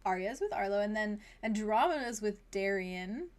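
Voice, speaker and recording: A woman's voice: mid-range voice, expressive, moderate pace, darkish tone. A woman narrating a tabletop game as game master, in a chatty way with lots of fillers.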